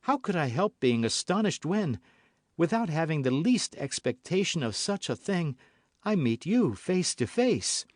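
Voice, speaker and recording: A man voicing a scheming noblewoman who speaks in a smooth, guarded, falsely warm way. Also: on the high side, big pitch swings, unhurried, dry recording, studio quality, voice pushed up. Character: scheming noblewoman, cold, cunning, falsely sweet.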